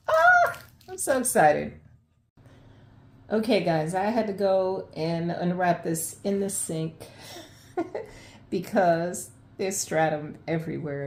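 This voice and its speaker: A woman unboxing plants in a casual vlog at home, gushing with excitement and laughing often. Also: lowish voice, roomy sound, a little hiss or hum. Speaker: plant vlogger. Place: home, unpacking at the sink.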